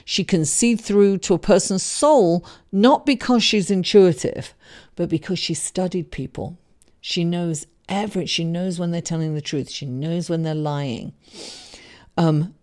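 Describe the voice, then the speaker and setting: A middle-aged woman giving a casual tarot reading, chatty and animated, laughing often and calling the listener darling. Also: fairly low pitch, a little slow.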